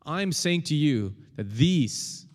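Guy preaching, kinda high voice, keeps repeating stuff and gets everyone to say it back, big echoey hall. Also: very animated, takes it slowly. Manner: emphatic, repeats key phrases, leads congregation responses. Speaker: pastor. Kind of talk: sermon.

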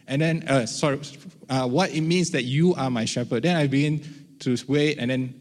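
A man gives an informal church teaching, pausing to check in with his listeners and stepping into quiet spoken prayers to show what he means. His voice is of middling pitch and carries a long reverb from a large hall. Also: lively intonation. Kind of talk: conversational sermon teaching.

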